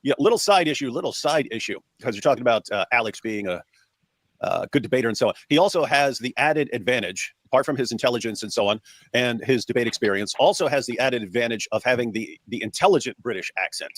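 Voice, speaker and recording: A man's voice: mid-range voice, expressive, quick pace, dry recording. An American man co-hosting a reaction stream, rambling casually with many restarts and fillers. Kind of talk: casual panel chat.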